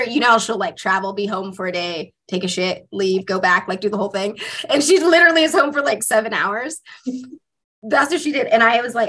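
A woman talking casually on a podcast, storytelling with lively energy. She fills her sentences with "like" and swears freely. Her voice sits at a middle pitch for a woman. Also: slightly rough. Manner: animated storytelling, heavy use of "like", swears freely. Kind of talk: casual chat.

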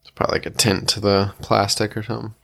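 A woman's voice: extremely low pitch, little pitch movement, fast talker, creaky. A woman co-hosting a casual podcast with dry, teasing banter. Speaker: podcast co-host.

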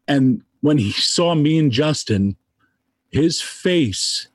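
A tearful man giving an emotional tribute, halting and restarting as his voice catches. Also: on the high side, animated, dry recording. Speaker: guest speaker.

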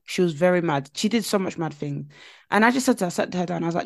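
Woman co-hosting a chatty podcast, lowish voice, tells stories with lots of emphatic repeating, dry close sound. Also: fast, creaky, no echo. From Nigeria. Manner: animated storytelling, emphatic repetition. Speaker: podcast co-host. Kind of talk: casual chat.

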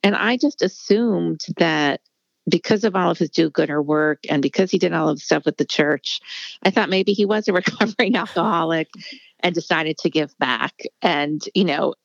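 A middle-aged woman with a low, gravelly voice talks candidly as a guest author, rambling and filling pauses. Her voice is close and dry, with a dull, slightly muffled tone. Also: dry recording. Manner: candid, rambling, lots of fillers. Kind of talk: casual interview conversation.

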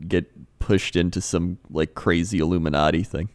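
A man co-hosting a casual podcast, easygoing and quick to laugh as he tells stories. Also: deep voice, steady tone, no echo. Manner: laid-back storyteller, laughs easily. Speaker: podcast co-host. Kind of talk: casual chat.

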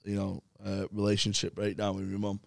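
A man's voice: lowish voice, brisk, vocal fry, dry recording, studio quality. A young English man, a podcast guest, telling rambling, swear-filled stories in casual chat. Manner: swears a lot, rambling animated anecdotes.

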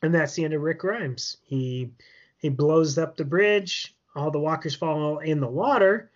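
A man's voice: fairly high pitch, a little slow. A man co-hosting a podcast, casually recapping a TV episode in a rambling way full of fillers. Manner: rambling, filler-heavy storytelling with laughs. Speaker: podcast co-host. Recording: dull lo-fi podcast audio.

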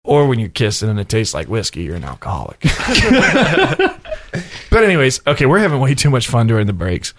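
A man's voice: medium pitch, wildly swooping pitch, moderate pace, soft background music. A man co-hosting a radio show in casual banter, laughing often and poking fun at himself. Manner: giggly, self-mocking, laughs often.

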